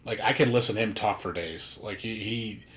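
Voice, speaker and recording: A man's voice: fairly low pitch, normal speed, a bit bright. A man streaming a game, chatting casually with a blunt, profane, ranting manner. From United States. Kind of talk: casual chat.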